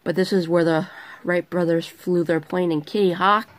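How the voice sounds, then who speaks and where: A man's voice: high voice, fairly even intonation, moderate pace. A male vlogger giving a casual show-and-tell from his bedroom, chatty and rambling, often correcting himself mid-sentence. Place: bedroom at home.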